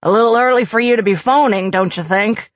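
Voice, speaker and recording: A woman doing Matthias, a gruff older vineyard man. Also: on the high side, a little fast, no room sound, voice pushed up, close to an everyday voice. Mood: curt. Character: gruff older male vineyard owner, grieving. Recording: dry, slightly muffled lo-fi recording.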